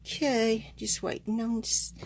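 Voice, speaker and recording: A woman's voice: fairly high pitch, fairly even intonation, a little slow, gravelly, a little hiss or hum. A woman hosting a casual live stream, chatting to viewers and greeting them by name, a little tired, with plenty of fillers and small laughs. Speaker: card-making demonstrator hosting a live stream.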